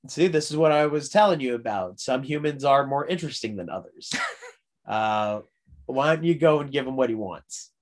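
Brief: Death as a calm, knowing woman, voiced offhand by a man. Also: mid-range voice, moderate pace, lightly acted. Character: calm female personification of Death.

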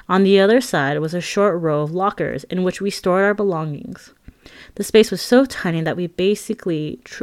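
A woman's voice: fairly low pitch, dry recording, studio quality. A woman reading her own memoir aloud as an audiobook, candid and wry, with frank asides to the listener. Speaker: memoir narrator.

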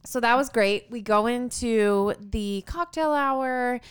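Smooth-voiced woman telling a story. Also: fairly high pitch, takes it slowly. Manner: animated, acts out her own quotes. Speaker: podcast co-host. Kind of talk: casual chat, storytelling.

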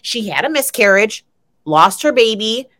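A young adult woman co-hosting a casual pop culture podcast, an animated storyteller who swears freely and jumps high in pitch when she gets excited. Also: unhurried. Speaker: podcast co-host.

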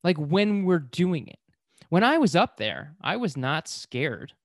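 A man telling a personal story in an animated motivational monologue, with lots of fillers, acting out his own excited screams. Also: fairly high pitch, takes it slowly, no echo, clean studio sound.

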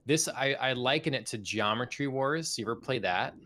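A man co-hosting a gaming podcast, talking in a relaxed, rambling way with many fillers. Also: medium pitch, normal speed, a little hiss or hum. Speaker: podcast co-host. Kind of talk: casual gaming chat.

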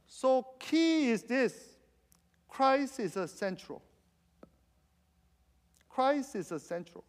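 A man's voice: very high-pitched, sing-song, slow, long reverb tail. A man preaching a sermon in conversational style. He leans on "you know" fillers and uses loose, non-standard English grammar. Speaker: pastor.

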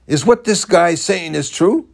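A man voicing a gruff, flustered male sheriff who stammers, acting out a quote in a spoken story. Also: high-pitched, lively intonation, normal speed, a little mellow, voice pushed up, full character voice.

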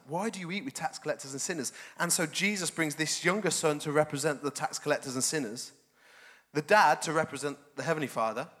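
A man preaching a sermon as pastor, animated and jokey. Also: a little high. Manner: animated, jokey, laughs often.

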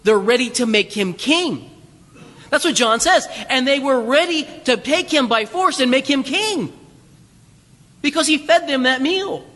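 A man preaching a conversational sermon, animated and chatty, acting out voices from the crowd. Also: extremely high pitch, measured pace. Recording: long reverb of a large hall.

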